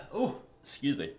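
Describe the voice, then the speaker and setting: A young man streaming a video game in a relaxed, rambling way, with a groggy morning voice, often clearing his throat. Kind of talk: casual live-stream chat.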